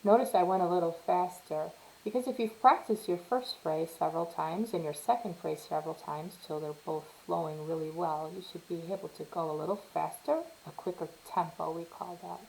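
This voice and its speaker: A woman's voice: lowish voice, a little fast, gravelly, hardly any pauses, slight background noise, poor audio. A woman teaching a step-by-step piano lesson, patiently explaining and counting beats aloud while she plays. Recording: soft piano playing behind her.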